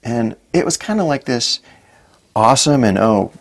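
Telling a personal story on a podcast interview, this middle-aged guest speaks earnestly and performs the lines he and others said. His mid-range voice is expressive and moves at a normal speed.

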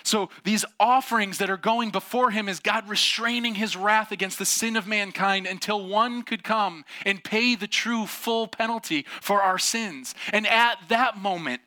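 A man's voice: sits high, measured pace, few pauses, bright, forceful tone. A man preaching a sermon with a personal story, emphatic and asking rhetorical questions. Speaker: pastor.

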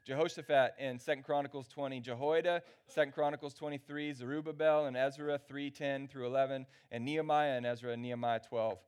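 A male pastor delivers a sermon in a loose, conversational way. He keeps asking the congregation whether they follow him. His voice sits at an ordinary middle pitch for a man. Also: fairly even intonation, brisk, hardly any pauses, clean tone. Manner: conversational, checks in with the crowd. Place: church gathering.

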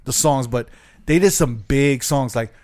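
A man chatting casually with friends, easygoing and profane, leaning on "like" and "right?" as he tells a story. His pitch sits in an ordinary middle range, and his speech rambles with restarts. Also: unhurried. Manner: relaxed, profane, storytelling with lots of "like". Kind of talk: casual chat.

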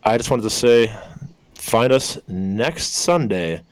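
A man's voice: mid-range voice, lively intonation, slow pace, poor audio. A man co-hosting a podcast, signing off with upbeat, laid-back banter. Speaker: podcast co-host. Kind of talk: casual podcast sign-off.

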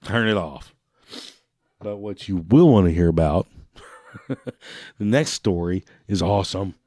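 Low, mellow, and animated, the man's voice moves at a measured pace over clean studio sound with no room reverb. He's a talk show host delivering a furious, curse-filled rant with bursts of laughter between lines.

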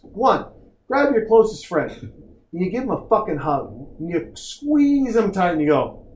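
A man riffing on a movie with a loud, profane, ranting mock pep talk. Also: high-pitched, reverberant. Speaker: movie commentary co-host.

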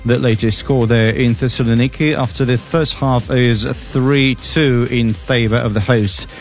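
A man reading a scripted radio news bulletin in a measured, even delivery. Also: medium pitch, soft background music. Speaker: news and sports bulletin reader.

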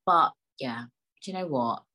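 A woman chats alone on her podcast, wandering from topic to topic with jokes at her own expense. Her voice sits low and has a husky grain to it. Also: expressive, moderate pace, bright, forceful tone, rough recording. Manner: joking, chatty, self-mocking. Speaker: podcast host. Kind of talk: rambling solo podcast chat.

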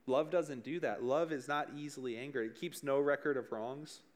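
A man's voice: mid-range voice, moderate pace. A young man preaching as a youth pastor, talking casually, joking, and asking his listeners questions. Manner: joking, conversational, addresses the room directly.

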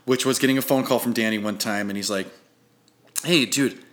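A man hosting a casual chat, telling stories in an animated way and acting out quoted lines. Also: a little fast. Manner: animated storyteller, acts out quotes with big pitch jumps. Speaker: host.

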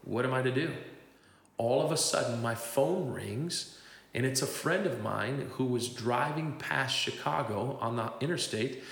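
A man's voice: mid-range voice, measured pace, creaky, a bit bright. A man preaching a testimony, telling his story and acting out the voices of the people he quotes. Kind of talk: testimony sermon. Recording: echoey hall.

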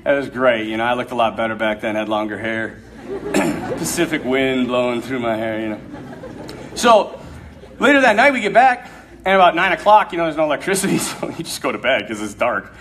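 A man's voice: mid-range voice, a little fast, a little hiss or hum. A man preaching, telling a funny story with lots of energy and laughing as he talks. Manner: animated, laughs through his story. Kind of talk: humorous sermon storytelling.

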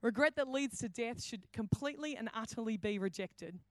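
A woman pastor, preaching a sermon with animated storytelling and acted-out dialogue. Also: on the high side, moderate pace, no room sound. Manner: animated storytelling, acting out quoted voices. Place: church hall.

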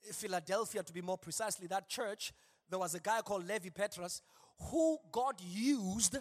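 Animated high-voiced male preacher. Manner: animated, call-and-response asides. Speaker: pastor. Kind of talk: sermon. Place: large church building. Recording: long hall reverb.

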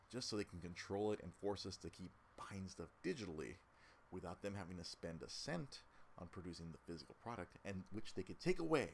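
A man's voice: deep voice, slight background noise. A man co-hosting a casual podcast, talking with many stammered restarts and repeated words. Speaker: podcast co-host.

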